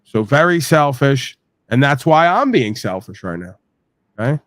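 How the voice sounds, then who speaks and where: A man's voice: medium pitch, very animated, measured pace, a bit bright, no room sound, clean studio sound. A man from New York hosting a podcast, talking in a crude, rambling, profane rant and venting. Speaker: podcast host. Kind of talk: profane ranting monologue.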